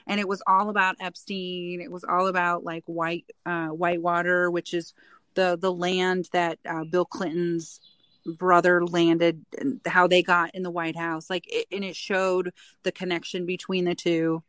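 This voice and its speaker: A woman's voice: fairly low pitch, flat delivery, moderate pace, a bit bright, no echo. Chatty woman in her forties, dry sound. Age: 40s. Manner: chatty, acts out quoted dialogue. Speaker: guest. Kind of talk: casual chat.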